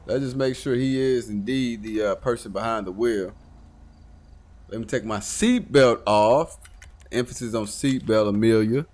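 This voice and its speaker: Male streamer, mid-pitched voice, swears a lot, muttering to himself with sudden loud outbursts. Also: unhurried. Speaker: game streamer. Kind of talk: casual live gameplay commentary.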